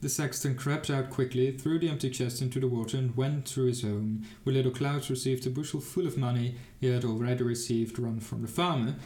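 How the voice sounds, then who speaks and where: A man's voice: medium pitch, steady tone, a little fast, hardly any pauses, mellow. A man reading a fairy tale aloud, narrating plainly and lifting his voice for the characters' cries. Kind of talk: storybook reading. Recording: echoey room.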